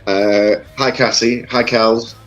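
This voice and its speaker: A man's voice: medium pitch, steady tone, slow, dull audio, faint music behind. A man co-hosting a casual livestream chat, rambling through stories and greeting viewers.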